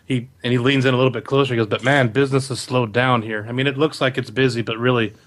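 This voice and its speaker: A man's voice: medium pitch, fairly even intonation, fast, a bit bright, natural voice. A man voicing a chatty, curious tavern bartender in a tabletop game, talking in a leaning-in, confiding way. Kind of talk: tabletop role-play improvising.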